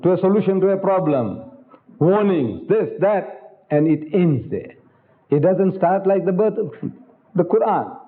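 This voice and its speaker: An older man giving a public religious lecture in an emphatic, rhetorical manner, speaking directly to his audience. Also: high-pitched. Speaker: Islamic lecturer. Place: lecture hall. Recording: tinny lo-fi archival lecture tape.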